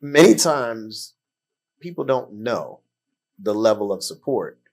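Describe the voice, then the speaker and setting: A man's voice: fairly low pitch, animated, slow, darkish tone. A man hosting a podcast in casual chat, supportive and affirming as he responds to his co-host. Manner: supportive, lots of affirming "yeah".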